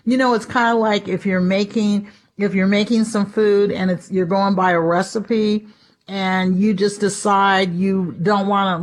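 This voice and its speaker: A woman's voice: medium pitch, steady tone, a little slow. A woman preaching a conversational devotional sermon in a chatty way, often acting out the voices of people she quotes.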